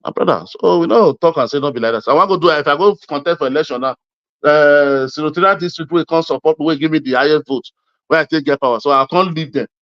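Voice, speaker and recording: A man's voice: on the high side, fast, a bit bright, dry recording, lo-fi sound. A man from Edo State speaking Nigerian Pidgin, arguing politics insistently and repeating his points, calling the listener "my brother". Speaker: interviewee. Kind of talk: heated political argument.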